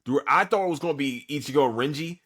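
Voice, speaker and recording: A man's voice: a little high, quick pace, a bit bright, breathy edge. A tired man hosting a podcast, recapping an anime episode in a rambling, profane way with lots of fillers. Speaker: podcast host.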